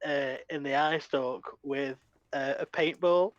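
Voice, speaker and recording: A man's voice: a little high, steady tone, takes it slowly, no room sound, muffled recording. A man co-hosting a casual podcast, telling stories and laughing through his lines. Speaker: podcast co-host. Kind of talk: casual chat.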